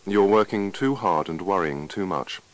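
A man's voice: low voice, normal speed, no room sound, close to an everyday voice. A man playing a firm, reassuring doctor. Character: calm, firm male doctor giving advice. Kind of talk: scripted dialogue reading for learners.

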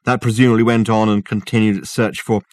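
A man voicing a scornful, excitable male detective who speaks with open derision and sharp, high exclamations. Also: quick pace, no room sound, close to an everyday voice.

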